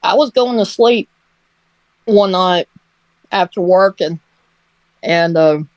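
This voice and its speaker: A woman's voice: on the low side, slow, a little mellow, no room sound. A woman telling a casual story on a livestream, hesitant and often laughing.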